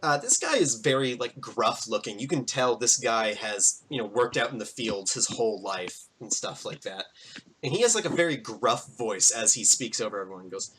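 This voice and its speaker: A man's voice: mid-range voice, animated, moderate pace, fairly bright tone, slight background noise, low-quality recording. A man narrating a tabletop game as game master, in a loose, rambling way with lots of fillers.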